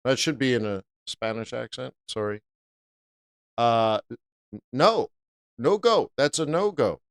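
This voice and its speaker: A middle-aged man hosting a live trading stream, giving animated and jokey market commentary that breaks into loud playful bits. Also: medium pitch, slow, creaky, long pauses, clear, resonant tone.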